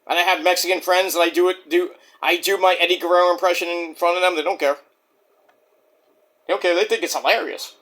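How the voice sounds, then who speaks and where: A man's voice: high voice, steady tone, brisk, a bit bright. A man casually recapping wrestling shows in a rambling, joking, profane way. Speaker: wrestling show reviewer.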